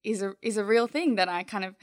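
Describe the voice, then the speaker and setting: A woman's voice: mid-range voice, fast talker. Laid-back young woman co-host. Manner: relaxed, laughs easily, casual slang. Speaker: youth leader and podcast co-host. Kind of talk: casual church podcast chat.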